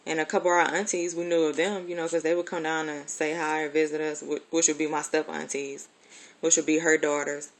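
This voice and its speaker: Woman, adult, lowish voice. Casual personal storyteller, candid, swears freely, rambles with fillers. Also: little pitch movement, brisk.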